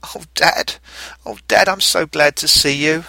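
Man doing a young daughter, tearful, soft, pleading, raised pitch, bright tone, dry recording. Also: fairly even intonation, measured pace, gravelly, dry recording, full character voice. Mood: relieved. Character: tearful young adult daughter, pregnant and frightened.

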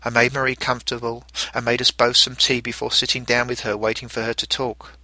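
A middle-aged man narrating a first-person story in a reflective, gentle way. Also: medium pitch, flat delivery, a little fast, dry recording.

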